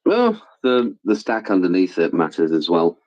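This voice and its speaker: A man in a casual debate, measured and explanatory. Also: sits low, huge pitch swings, darkish tone. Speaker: debate participant. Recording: muffled lo-fi sound.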